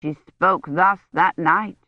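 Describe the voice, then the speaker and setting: A woman reading a kind young male knight who speaks slowly and over-distinctly. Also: on the low side, steady tone, no echo, muffled recording. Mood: puzzled. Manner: slow, over-distinct, emphatic speech.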